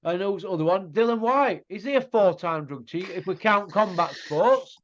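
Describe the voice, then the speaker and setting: Man, boxing rant, fairly high voice, muffled lo-fi sound, blunt and mocking. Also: normal speed. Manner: blunt, mocking, asks rhetorical tag questions. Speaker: boxing pundit host. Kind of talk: casual ranting chat. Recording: muffled lo-fi audio.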